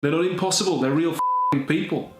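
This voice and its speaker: A man's voice: fairly high pitch, a little fast, echoey room, close to an everyday voice, low-quality recording. A man doing a boorish Australian YouTuber. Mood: blustering. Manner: mock-aggressive, taunting. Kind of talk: comedy sketch.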